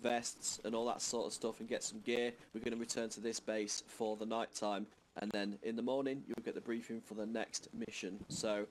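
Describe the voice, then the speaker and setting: A man's voice: lowish voice, moderate pace, few pauses, a little hiss or hum. A man leading his squad in a military game, giving a rambling, casual briefing over voice chat with a headset. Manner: relaxed, rambling orders with fillers.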